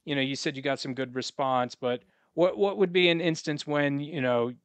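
A man hosting a podcast, asking halting questions full of fillers and restarts. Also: on the high side, clear, resonant tone, no echo. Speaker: podcast host. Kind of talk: interview questions.

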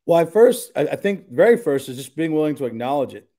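A man's voice: on the high side, sing-song, fast talker, mellow. A man who is a pastor, talking in a casual podcast conversation, earnest and emphatic as he thinks aloud.

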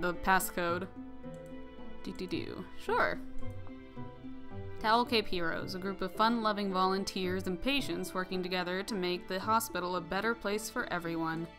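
A woman's voice: mid-range voice, a bit bright. A young woman hosting a game playthrough, chatting casually with rambling, giggly asides. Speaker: gaming channel host. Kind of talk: casual let's-play commentary.

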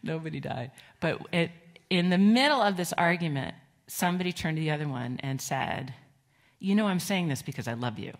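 Woman, middle-aged, pastor, children's sermon, low voice, gentle, conversational. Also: lively intonation, brisk. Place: church sanctuary.

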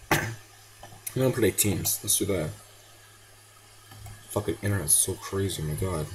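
A teenage boy gamer gives casual gameplay commentary, excitable, yelping and pleading at the game and slipping into now and then. His voice is low and a little slow, over a noisy background.

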